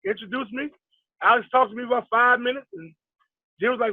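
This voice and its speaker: Middle-aged male coach from New York, high voice, rambling storyteller, tinny dry phone line. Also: a little fast, dry recording. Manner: rambling storyteller, acts out quoted talk, many fillers. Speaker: basketball head coach, guest. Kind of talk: casual storytelling interview.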